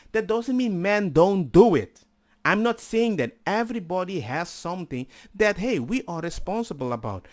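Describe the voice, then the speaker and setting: Animated high-voiced man reacting. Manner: animated, exclaiming, acts out quoted dialogue. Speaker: reaction channel host. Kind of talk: casual reaction commentary.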